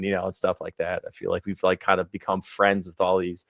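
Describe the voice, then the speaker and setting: Male podcast host, very low voice, enthusiastic and rambling, dry studio sound. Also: level tone, fast talker, creaky, few pauses, dry recording. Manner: chatty, filler-heavy, enthusiastic. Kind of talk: casual podcast conversation.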